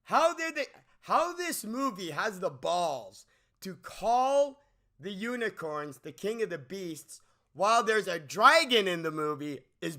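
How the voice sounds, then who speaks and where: Male movie critic, high bright voice, lively swings in pitch, exasperated rant with frequent restarts. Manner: exasperated, repeats words and restarts often. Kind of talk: ranting movie review.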